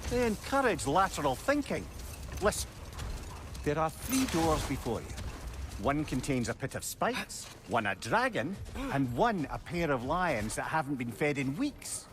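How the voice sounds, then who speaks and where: A chatty, playful talking head. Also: male voice, a little high, sing-song, measured pace, noisy background. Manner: playful, teasing, fond of riddles and puns. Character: witty, chatty male talking severed head. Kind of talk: video game voice acting. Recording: game audio with music behind.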